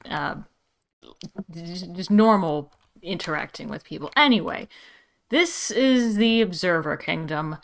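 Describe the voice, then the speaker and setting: A woman voicing a male chicken in human form, talking haltingly with many restarts as a first-time streamer, in an in-character livestream role-play. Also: fairly low pitch, fairly bright tone, clear, resonant tone.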